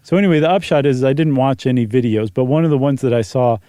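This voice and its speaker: A man's voice: medium pitch, fast talker, warm tone, clear, resonant tone, no room sound, clean studio sound. A man co-hosting a podcast in a casual, rambling conversational way with fillers. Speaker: podcast co-host. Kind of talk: casual chat.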